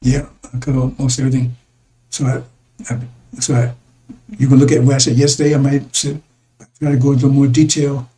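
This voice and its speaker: A religious broadcaster rambles through a talk to his listeners, repeating himself and calling them brothers and sisters. His mid-range voice is dark, flat and fast, and the recording is low quality.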